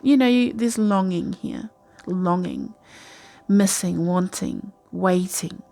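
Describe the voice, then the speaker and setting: A woman's voice: lowish voice, slow, creaky, warm tone. A woman giving a casual, rambling tarot reading from home at night, talking in a chatty, intuitive way. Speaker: tarot reader.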